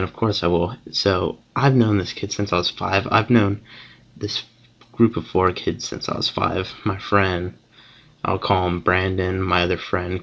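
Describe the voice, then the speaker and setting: A teenage guy with a low, gravelly voice rambles through a story, swearing freely and correcting himself mid-sentence. The sound is dull and lo-fi, like a cheap home recording. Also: fairly bright tone. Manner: rambling, profane, self-correcting. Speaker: vlogger telling a story. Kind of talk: casual storytelling to camera.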